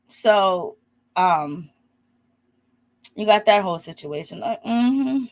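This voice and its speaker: A woman doing a casual, sassy reality show recap, chatty and quick to laugh. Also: medium pitch, lively intonation, a little mellow. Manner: sassy, chatty, peppers lines with "okay?" and "child"; laughs often.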